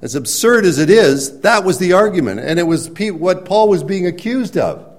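A man preaching a sermon, explaining scripture in a conversational way and rising to emphatic, near-shouted points. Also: high voice, lively intonation, moderate pace. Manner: conversational with restarts and everyday examples. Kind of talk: sermon teaching.

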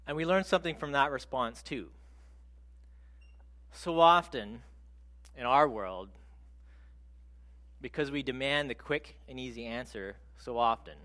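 A man preaching a sermon in a conversational, animated storytelling way. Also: mid-range voice.

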